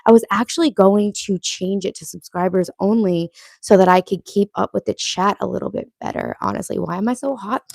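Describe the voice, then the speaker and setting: A woman's voice: mid-range voice, fairly even intonation, a little fast, vocal fry, a little mellow, no echo. Brash chatty woman in her late thirties. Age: late 30s. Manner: reads viewer comments aloud and answers them, brash and chatty, swears freely. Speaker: livestream host. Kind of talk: casual livestream chat.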